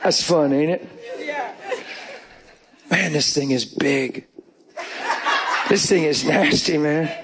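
A man preaching, telling a folksy story in a sermon with rising, emphatic shouts. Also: fairly high pitch, slow pace, pauses often, a crowd in the background, background noise.

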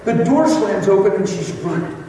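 A man preaching a sermon, telling a story with strong emotion, acting out voices and dropping from loud to hushed. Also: high-pitched, very animated, normal speed, crowd noise. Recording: echoey hall from far off, noisy.

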